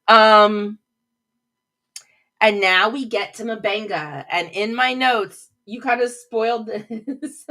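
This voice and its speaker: A woman's voice: mid-range voice, animated, moderate pace, a bit bright. A middle-aged woman hosting her own live show from a home office, chatting casually and gushing as she answers viewers' comments. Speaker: host of a livestream show.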